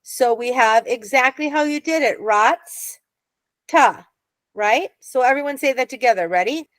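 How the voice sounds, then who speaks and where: Lady hebrew teacher, kinda high voice, patient, dry close sound. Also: a little fast, dry recording. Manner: patient, encouraging, explains step by step. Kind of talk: adult Hebrew reading class.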